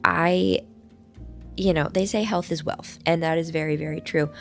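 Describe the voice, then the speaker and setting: A woman hosting a casual vlog from a hotel room, her voice hoarse while it recovers, chatting in a playful, rambling, self-mocking way. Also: on the low side, steady tone, normal speed, soft background music. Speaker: vlog host. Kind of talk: casual chat to camera.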